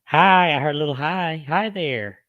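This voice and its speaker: A man, gently asking questions of a spirit he thinks is in a doll during a casual paranormal session. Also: fairly high pitch, normal speed, dull audio. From Alabama. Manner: soft-spoken, coaxing questions to a spirit. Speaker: paranormal vlogger.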